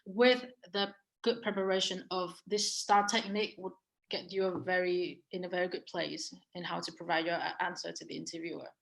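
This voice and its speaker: Earnest, halting woman on a video call. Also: fairly low pitch, flat delivery, vocal fry, poor audio. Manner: halting, frequent restarts and fillers; earnest storytelling about past interviews. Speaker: webinar co-presenter. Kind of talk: casual online webinar talk.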